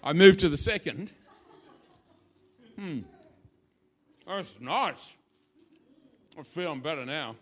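A man's voice: a little high, lively intonation, slow, pauses often, slight background noise. A male pastor preaching a sermon in a church, informal and playful, acting out little scenes as he teaches. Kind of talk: sermon with a live demonstration.

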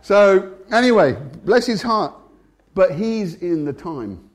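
A British man giving a testimony sermon, storytelling with energy and laughing often, swinging between hushed and loud. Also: sits high, expressive, takes it slowly. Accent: British English. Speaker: Christian speaker.

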